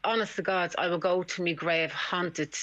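Bright-voiced Irish mother, earnest. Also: fairly low pitch, steady tone, moderate pace, highs cut off. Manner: distressed, earnest, repeating herself. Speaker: caller, mother. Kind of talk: radio phone-in conversation.

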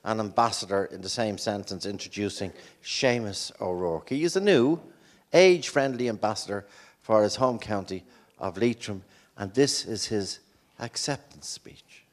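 A man's voice: lowish voice, lively intonation, moderate pace. An Irish man hosting a live show, chatting with guests in jokey, stumbling banter. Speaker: host. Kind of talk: live radio show chat.

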